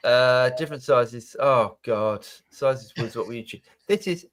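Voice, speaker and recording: A man's voice: mid-range voice, animated, a little slow, fairly bright tone. Rambling male host reading questions. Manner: rambling, self-interrupting. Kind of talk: casual chat.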